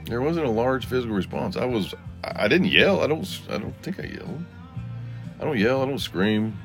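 A man hosting a solo podcast in a rambling, confessional way. He swings between low murmurs and sarcastic outbursts, and he answers listener comments. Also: very animated, normal speed, music in the background. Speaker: podcast host.

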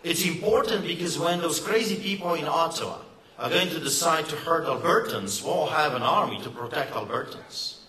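A man delivers an impassioned political rally speech, emphatic and sarcastic. His voice sits a bit high and sounds bright and forceful. It bounces around a roomy, echoey hall. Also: normal speed. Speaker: rally speaker. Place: event hall.

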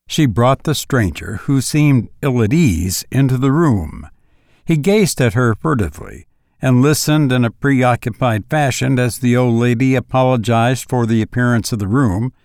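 A man reading a classic story aloud in measured, even scripted narration. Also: mid-range voice, no echo, studio quality. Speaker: audiobook narrator.

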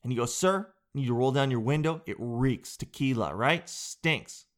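A man comedian telling a comic monologue in an animated, profane storytelling way. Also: mid-range voice, moderate pace. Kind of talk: stand-up style comic monologue.

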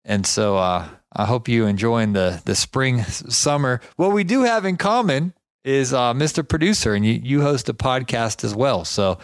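A man's voice: mid-range voice, lively intonation, normal speed, hardly any pauses, no echo. A man from Georgia, hosting a casual interview podcast in a chatty, self-deprecating way with frequent restarts. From Georgia, United States. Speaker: podcast host.

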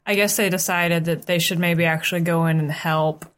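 A woman co-hosting a podcast, chatting casually with quick jokes and lots of "like". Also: fairly low pitch, fairly even intonation, a bit bright. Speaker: podcast co-host. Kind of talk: casual chat.

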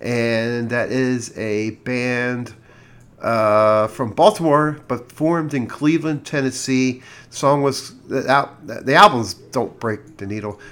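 A man's voice: medium pitch, takes it slowly, a bit bright, smooth. A middle-aged man hosting a music radio show, chatting casually and telling a rambling story with many restarts.

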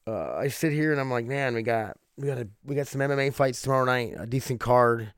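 A man's voice: mid-range voice, a little fast, clean tone, dry recording, studio quality. A man hosting a solo podcast, sick and foggy-headed, rambling casually with frequent swearing and laughs. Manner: rambling, profane, laughs often. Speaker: podcast host.

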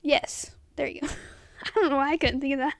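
A woman with a high, bright-sitting voice hosts a casual podcast chat. She talks in halting bursts and fills gaps with hesitations. The sound is dry and close, with no room around it. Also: steady tone, creaky, no room sound. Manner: halting, searches for words with many fillers. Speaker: podcast co-host.

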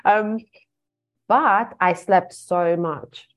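A woman co-hosting a casual podcast, warm and encouraging, chatting in an animated way. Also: medium pitch, drawn-out words. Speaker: podcast co-host.

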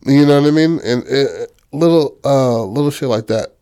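A man casually pitches a film story in a mellow, smooth voice. He's loose and profane, full of fillers, and acts out characters in quick bursts.

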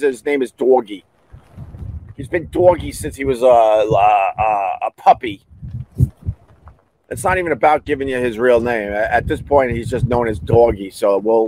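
Animated man telling a story. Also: low-quality recording. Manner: animated, acts out quotes with big pitch jumps; repeats words and restarts often. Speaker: podcast host. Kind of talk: casual storytelling.

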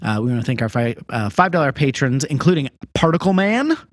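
A man co-hosting a casual comedy podcast, jokey and animated, reading out contact details and thanking patrons. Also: medium pitch, fairly quick, no room sound, studio quality. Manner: animated, jokey, lots of fillers. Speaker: podcast co-host.

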